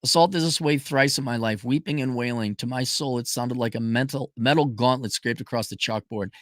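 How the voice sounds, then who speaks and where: Speaking a little fast, a middle-aged man answers his livestream viewers with blunt, emphatic opinions laced with profanity and sharp pitch jumps. The recording is clean studio sound with no room noise.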